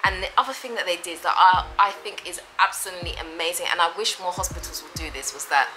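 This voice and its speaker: A woman's voice: lowish voice, quick pace, pushed and bright, soft background music, rough recording. A woman vlogger talking casually to camera, rambling and emphatic, often repeating herself. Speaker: vlogger and mother.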